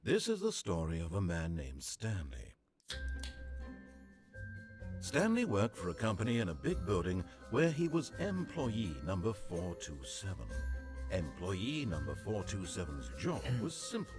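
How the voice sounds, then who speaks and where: A man voicing a composed male narrator who tells a quiet office tale in measured, precise storybook narration. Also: low voice, huge pitch swings, exaggerated voice. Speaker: game narrator. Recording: narration over game music.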